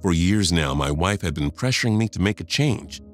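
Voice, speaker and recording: A man's voice: deep voice, animated, normal speed, faint music behind. A man in his fifties narrating a first-person story, confiding and talking straight to the listener.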